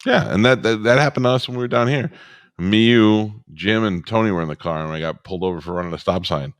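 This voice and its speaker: Deep-voiced guy talking fast, blunt, acts out convos, dry close mic. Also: no room sound. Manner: blunt, storytelling with reenacted dialogue. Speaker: podcast co-host. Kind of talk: casual chat.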